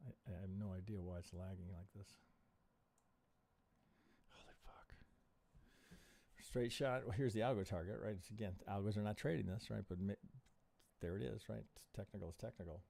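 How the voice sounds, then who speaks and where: Gravelly and dark-toned, this man's lowish voice moves at a moderate pace and pauses often as he hosts a live stream chart review. Frustrated, he mutters to himself, asks rhetorical questions, and swears quietly; he's a trading analyst.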